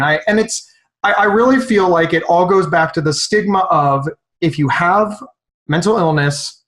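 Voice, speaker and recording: A man advocating for peer support on a live round-table, telling stories with lively energy and frequent stammering restarts. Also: high-pitched, moderate pace, poor audio. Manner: animated storyteller with stammering restarts.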